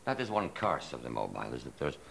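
A man's voice: extremely low pitch, sing-song, fast talker, vocal fry, fairly bright tone, a little hiss or hum. A man grumbling wearily about something as an interviewee. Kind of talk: casual complaint.

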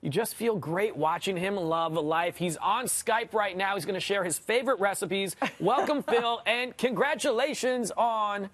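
A man's voice: sits high, moderate pace, hardly any pauses, fairly bright tone. A man co-hosting a breakfast television show, joking with his co-host and welcoming a guest in an upbeat way.

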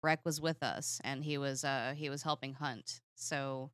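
A woman player in a tabletop game, describing her character's actions in a measured, hesitant way. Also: extremely low pitch, fairly even intonation, fairly bright tone, clear, resonant tone, no echo, studio quality.

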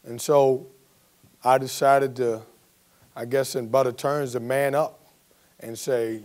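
Coach guy giving a talk to business folks, tells stories, acts out quotes, medium pitch. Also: moderate pace. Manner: storytelling, animated, acts out quotes. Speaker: college basketball head coach. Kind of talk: speech to a business audience.

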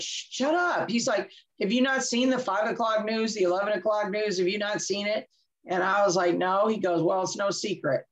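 A woman's voice: mid-range voice, muffled recording. A woman, an interview guest, telling a candid personal story, laughing often and acting out dialogue. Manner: animated, laughs often, acts out quoted dialogue.

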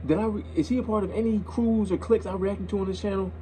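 A man's voice: sits high, steady tone, quick pace, warm tone, slight background noise, low-quality recording. A young man hosting a reaction video, talking in a casual, slangy way and repeating himself as he gets worked up.

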